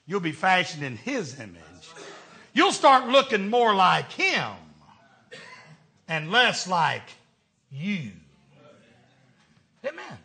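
A man's voice: sits high, sing-song, extremely slow, pauses often, pushed and bright. An older man preaching a sermon, folksy and humorous in his storytelling. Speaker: pastor.

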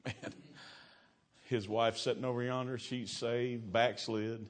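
A man's voice: medium pitch, little pitch movement, takes it slowly. A middle-aged man preaching an evangelistic sermon, folksy and exclamatory, telling stories and acting out the voices in them.

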